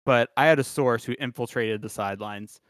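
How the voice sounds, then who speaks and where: Casual male podcast co-host, spins animated yarns, dry close sound. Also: medium pitch, a little fast, no room sound. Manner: animated storytelling, laughs often. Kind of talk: casual sports chat.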